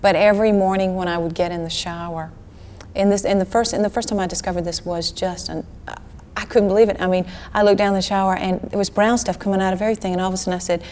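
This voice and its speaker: A woman in her thirties chats as a guest in an old TV interview. She talks animatedly, tumbling over her words and restarting sentences. Her voice sits at a middling pitch. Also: quick pace. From Georgia, US. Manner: animated, chatty, many restarts and laughs. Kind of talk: casual interview chat. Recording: archive 1980s TV interview.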